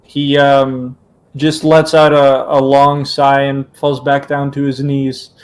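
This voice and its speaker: Slow, hesitant male game master. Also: mid-range voice, monotone, rough recording. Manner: slow, hesitant, many fillers. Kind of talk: narrating a tabletop game.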